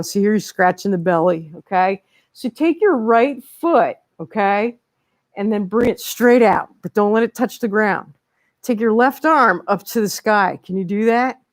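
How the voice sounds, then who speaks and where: A woman guiding a children's yoga class in a library, chatty and encouraging, often checking in with the kids and laughing along. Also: medium pitch. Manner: cheerful, chatty, encouraging with frequent okays and laughs. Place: library, indoors. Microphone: wearing a microphone.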